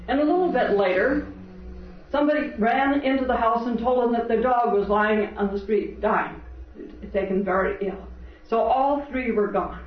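A man preaching a sermon, earnestly quoting scripture and telling parables in a steady preaching cadence. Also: sits high, slight background noise. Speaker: spiritual teacher. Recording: dull, roomy, distant old lecture tape.

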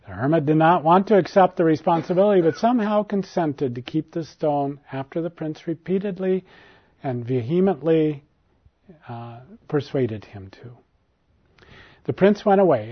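Man narrating a formal storybook tale. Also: on the high side. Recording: dull lo-fi recording.

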